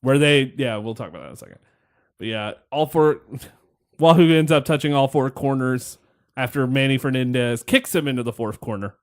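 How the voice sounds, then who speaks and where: A man's voice: medium pitch, a little fast. A man hosting a podcast, rambling through a wrestling match recap in casual chat, wry and laughing, with the odd swear. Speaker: podcast host.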